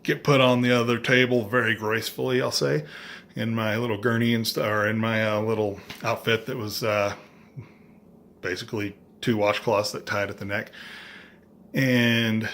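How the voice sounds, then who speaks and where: A middle-aged man vlogging, telling a story in a casual, animated way with dry, self-mocking humor and acting out other people's lines. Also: fairly low pitch, moderate pace.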